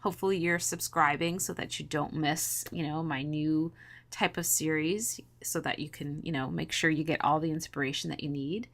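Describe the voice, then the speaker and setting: A woman's voice: sits low, fairly even intonation, moderate pace. A woman in her thirties, hosting a scrapbooking video, chatting casually to viewers in a morning voice, upbeat and rambling with frequent laughs. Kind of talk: casual chat to viewers while crafting.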